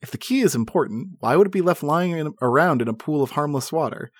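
A man's voice: on the high side, animated, fast, breathy edge, dry recording, studio quality. A man reading an adventure gamebook aloud to friends, dramatic but often breaking into laughs and asides. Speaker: game narrator.

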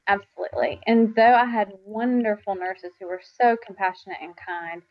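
A woman speaks at an average pitch, reflective and earnest, with an easy laugh. Her voice comes through a bit dull and lo-fi, as on a modest podcast recording. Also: moderate pace, faint music behind. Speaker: guest. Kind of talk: faith podcast conversation. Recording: slightly dull lo-fi sound.

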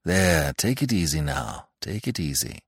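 A man doing a calm, wry old doctor. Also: deep voice, creaky, no echo, studio quality, full character voice. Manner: soothing, unhurried, matter-of-fact.

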